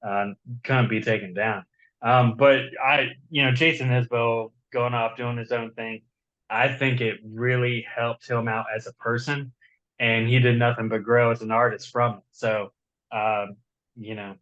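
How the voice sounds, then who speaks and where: A man's voice: medium pitch, flat delivery, unhurried, a bit bright, lo-fi sound. A man with a slight Southern accent, chatting as a guest author in a rambling, enthusiastic way and often repeating words. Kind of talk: casual chat.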